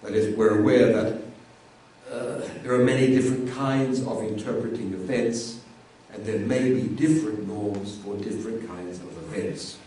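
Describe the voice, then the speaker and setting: Male lecturer, casual classroom delivery, mellow tone, recorded from a distance. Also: on the low side, steady tone, moderate pace, a little hiss or hum. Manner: conversational, repeats words while thinking. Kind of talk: university lecture. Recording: echoey room, voice from afar.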